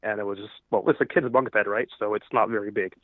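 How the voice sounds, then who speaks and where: A man calling in to tell a ghost story, halting and nervous, full of fillers. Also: on the low side, steady tone, dry recording. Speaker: caller. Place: at home. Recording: tinny phone line.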